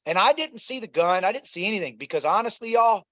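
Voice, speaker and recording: Speaking fast with lively intonation, this interview guest has a high, somewhat bright voice. His emotional personal story comes out earnest and repetitive, and he talks to listeners as "y'all." The audio is dry, dull and a bit lo-fi.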